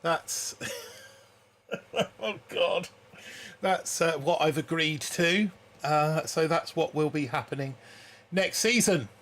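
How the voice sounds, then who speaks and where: Chuckling man, slightly high voice. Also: slow, pauses often, a bit bright. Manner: chuckling, rambling storyteller. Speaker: stream co-host. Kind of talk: casual live-stream chat.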